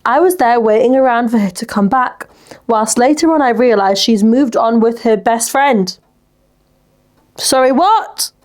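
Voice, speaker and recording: A woman's voice: a little high, moderate pace, a little mellow. A young woman from England, hosting a podcast in casual, chatty talk and giving frank advice. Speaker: podcast host reading listener messages. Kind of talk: casual chat.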